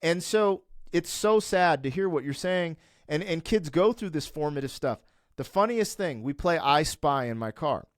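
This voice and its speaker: A middle-aged man in candid conversation, his voice sitting a bit high for a man. He rants with emphasis and builds to fervent peaks. The sound is dry and close on the mic. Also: big pitch swings, normal speed, dry recording. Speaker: podcast guest.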